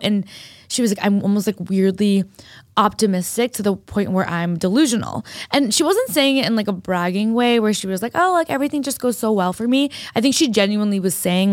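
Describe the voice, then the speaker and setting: A woman's voice: medium pitch, dry recording. Chatty young woman, dry close sound. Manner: chatty, storytelling with many fillers. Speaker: podcast co-host. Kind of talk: casual chat.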